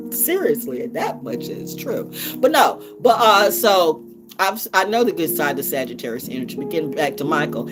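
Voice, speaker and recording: A woman's voice: sits low, sing-song, a little slow, long pauses, over music. A woman hosting a casual livestream as an oracle card reader, talking bluntly and profanely in rambling asides.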